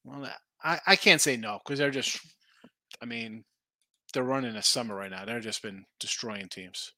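A man's voice: mid-range voice, moderate pace, pushed and bright, no echo. A man hosting a late-night sports betting stream, rambling casually as he thinks aloud over the lines and answers viewers. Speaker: sports betting show host. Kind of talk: casual live-stream chat reading viewer picks.

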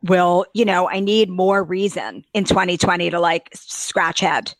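A woman co-hosting a casual celebrity gossip podcast, talking with exaggerated, animated outrage. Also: normal speed, dry recording, poor audio. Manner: animated, exaggerated outrage, leaps to high pitch. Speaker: podcast co-host.

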